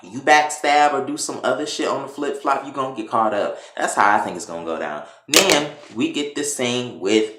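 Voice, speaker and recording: A man casually recapping a TV episode, telling it in an animated, profane way. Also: medium pitch, normal speed, hardly any pauses, a little hiss or hum. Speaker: TV show reviewer. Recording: echoey room.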